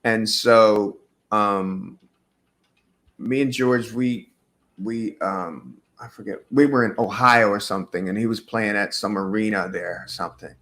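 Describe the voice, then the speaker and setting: A man's voice: lowish voice, a little slow, a bit bright. A man, a musician guest, telling a loose, rambling story in a casual interview, with many fillers.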